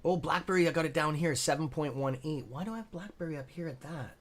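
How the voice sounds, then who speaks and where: A young man hosting a live trading stream, reading chat and reacting with excitable, profane commentary and muttered asides. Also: a little high, quick pace. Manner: excitable, profane, talks to viewers by nickname; mutters asides to himself under his breath. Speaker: stock trading livestream host.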